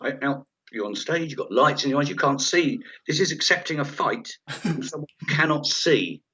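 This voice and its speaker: A comedian telling stage anecdotes in a chat interview, rambling and lively, acting out the voices of people in the story. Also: male voice, on the high side, normal speed, husky. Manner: rambling, animated, acts out quoted voices. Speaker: comedian guest. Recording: dull lo-fi audio.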